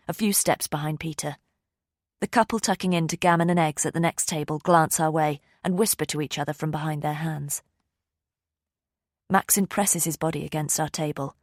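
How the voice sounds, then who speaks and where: A woman narrating a mystery thriller audiobook in a steady scripted reading, shifting her voice slightly for characters. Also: sits low, normal speed, dry recording, clean studio sound.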